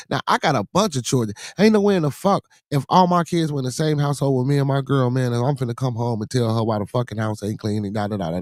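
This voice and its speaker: A man's voice: medium pitch, a little mellow, no room sound. Profane middle-aged man, dry mic. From Chicago, USA. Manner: profane, rambling, with many repeated fillers. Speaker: podcast host. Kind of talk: casual podcast monologue.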